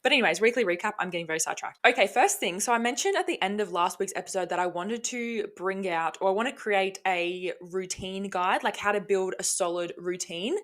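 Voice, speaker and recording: A woman's voice: medium pitch, fairly quick, hardly any pauses, a bit bright. Young aussie woman rambling on her podcast, bubbly, swears a lot, laughs at herself, close mic. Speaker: podcast host. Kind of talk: casual solo podcast chat. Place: home room, recording on camera. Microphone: close microphone.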